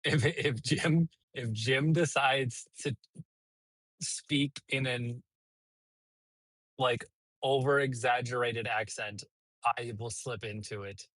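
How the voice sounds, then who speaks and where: A man streaming a video game with friends, explaining things at length with halting restarts. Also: medium pitch, steady tone, a bit bright, no echo, poor audio. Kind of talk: casual gaming chat. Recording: game vehicle noise underneath.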